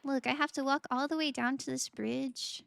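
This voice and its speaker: A woman's voice: high-pitched, fairly even intonation, moderate pace, creaky, fairly bright tone. A woman streaming a game and chatting casually and playfully with her viewers, often laughing. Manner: playful, giggly, talks to chat. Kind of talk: casual live-stream chat while gaming.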